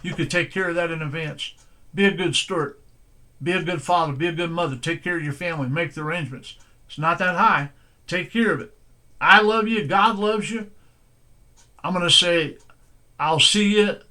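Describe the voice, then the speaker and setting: A man, a pastor, speaks straight to the camera in a fairly high, bright, edged voice. His talk is earnest and folksy, circling back to hammer the same points home. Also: moderate pace, long pauses. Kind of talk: direct-to-camera sermon-style advice.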